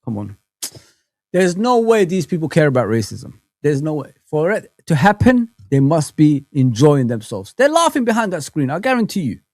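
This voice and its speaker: A man's voice: fairly high pitch, sing-song, moderate pace, hardly any pauses, darkish tone, no room sound. Indignant man ranting. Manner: impassioned, indignant, repeats himself. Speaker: host of a football fan channel. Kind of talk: live reaction rant.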